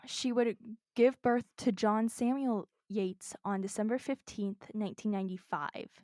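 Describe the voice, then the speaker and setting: A woman's voice: mid-range voice, a little slow, darkish tone, dry recording, clean studio sound. A woman co-hosting a podcast, earnestly telling a true crime story in casual chat from her notes.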